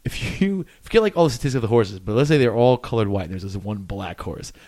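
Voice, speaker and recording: A man's voice: fairly low pitch, expressive, fast talker, warm tone. A man in a casual podcast chat, teasing and laughing as he jokes. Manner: provocative, laughing.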